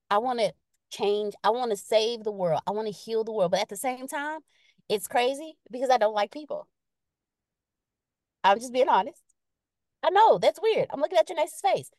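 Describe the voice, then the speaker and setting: A woman chats on a podcast in a lively, expressive way, reading out viewer comments. Her voice sits a little high and swings widely in pitch. The sound is dry and close. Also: no room sound. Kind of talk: casual live-stream chat.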